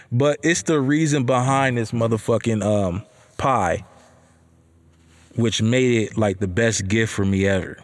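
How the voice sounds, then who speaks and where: Profane, animated young man telling a story. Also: medium pitch, takes it slowly, pauses often. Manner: profane, animated, repeats himself with fillers like "you know what I'm saying". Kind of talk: casual personal storytelling.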